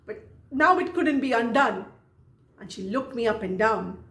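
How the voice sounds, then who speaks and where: A woman storyteller telling a personal tale in an expressive, dramatic way, repeating phrases for effect. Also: a little high, measured pace, roomy sound. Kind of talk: oral storytelling performance.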